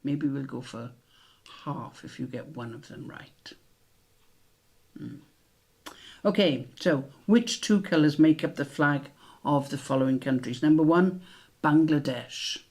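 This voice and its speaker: A man with a British accent hosting a quiz, reading each question slowly and repeating it, with chatty asides in between. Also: on the high side, a little mellow. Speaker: quiz host.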